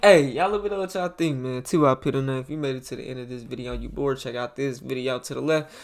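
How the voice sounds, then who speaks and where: A man hosting a video channel, giving loud, animated, slangy commentary and an outro. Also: medium pitch, fast talker. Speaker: channel host.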